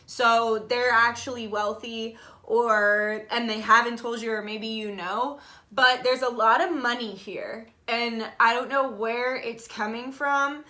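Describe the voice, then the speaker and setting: A young woman giving a casual tarot reading, chatty and animated, swearing freely. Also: on the high side, slow pace. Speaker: tarot reader.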